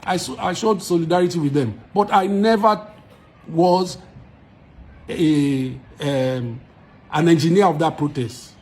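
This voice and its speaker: A musician with a Nigerian accent addresses his followers direct to camera, laying out his case forcefully and repeating each point to drive it home. His voice sits a little higher than most men's, with a measured pace and a slightly mellow tone.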